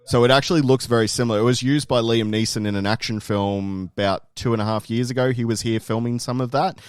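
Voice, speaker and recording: A man's voice: mid-range voice, steady tone, fast talker, clean tone, no echo. An Australian man co-hosting a podcast, telling stories in a rambling way with many restarts. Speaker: podcast co-host, guest. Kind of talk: casual chat.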